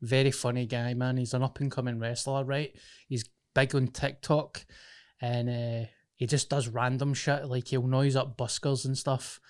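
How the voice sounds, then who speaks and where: A man's voice: medium pitch, little pitch movement, normal speed, clean tone. A young Glaswegian man co-hosting a podcast, chatting casually with sweary banter and laughter while he has a cold. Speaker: podcast co-host. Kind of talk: casual chat.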